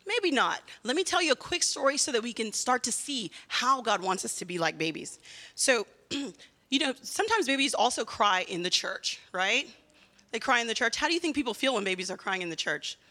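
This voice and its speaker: Woman children's-church teacher, lively and questioning, with a bright, fairly high voice. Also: normal speed, long reverb tail. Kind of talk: children's sermon.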